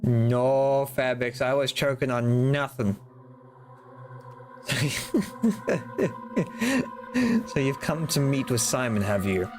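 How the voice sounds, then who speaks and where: A man live-streaming a game, his voice sitting at an ordinary mid pitch. He reads the on-screen dialogue aloud in a loose, casual way, breaking off to ramble, joke and swear. Game music plays clearly underneath him. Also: drawn-out words, pauses often, darkish tone. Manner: casual, rambling, swears and jokes between read lines.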